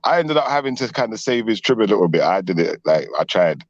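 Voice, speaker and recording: A man's voice: lowish voice, big pitch swings, fast, no echo. Man, host, slangy storyteller, dry muffled online audio. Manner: laughs through his story, slangy. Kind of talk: casual storytelling chat.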